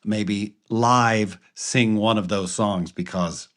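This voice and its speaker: A man co-hosting a podcast in casual chat, animated and theatrical, laughing often. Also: on the low side, slow. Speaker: podcast co-host.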